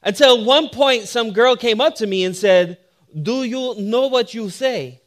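A man with a notably high voice delivers a sermon as a pastor. He tells stories with humor and lively timing, then settles into steady teaching. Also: unhurried. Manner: humorous storytelling, animated when telling the joke. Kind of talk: sermon with personal story.

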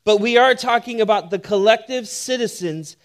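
High-voiced man preaching a sermon. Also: moderate pace. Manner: humorous storytelling, animated when telling the joke. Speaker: pastor. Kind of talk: sermon with personal story.

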